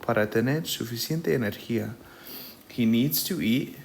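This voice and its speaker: A young man teaching Spanish reads a storybook aloud and explains it in English, moving slowly and patiently between reading and explaining. His mid-range voice has vocal fry, with slight background noise.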